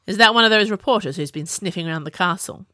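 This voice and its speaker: A woman's voice: on the low side, quick pace, sharp tone, no echo. A woman voicing a stern, short-tempered middle-aged king who talks brusquely, recorded on a close mic. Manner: demanding, brusque.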